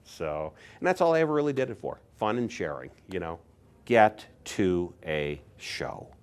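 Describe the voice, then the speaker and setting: A man in his sixties from Pennsylvania recounts his collecting days in a relaxed, conversational way. His voice sits a little low, and he gets animated whenever he acts out what other people said. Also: normal speed, smooth. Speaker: insulator collector. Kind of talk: casual storytelling.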